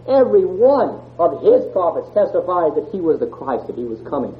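A man's voice: on the high side, sing-song, normal speed, hardly any pauses. A man giving a sermon, reading scripture and asking the congregation earnest questions. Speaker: church speaker. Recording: tinny phone-like sound.

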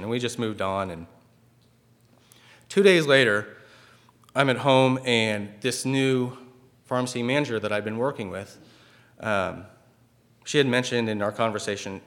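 A man's voice: medium pitch, normal speed, pauses often, fairly bright tone. A man sharing a personal testimony at church in an earnest, conversational way, with many fillers and restarts.

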